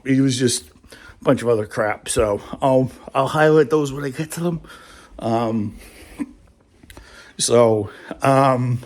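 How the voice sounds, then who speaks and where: A man telling a rambling workplace story in a casual vlog, laughing now and then. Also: mid-range voice. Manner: chatty, rambling, laughs often. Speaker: vlogger.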